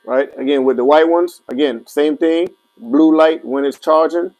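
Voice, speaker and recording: A man's voice: on the high side, steady tone, normal speed, darkish tone, low-quality recording. Chatty livestream seller, a man, answering comments while he demos gear. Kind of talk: casual product demo livestream.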